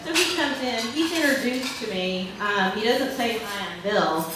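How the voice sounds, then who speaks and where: Woman keynote speaker, lively storyteller, recorded from far off in a roomy hall. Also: fairly high pitch, normal speed, very noisy. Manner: lively anecdotal storytelling with laughs. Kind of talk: storytelling speech to an audience. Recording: echoey hall from far off with dish clatter.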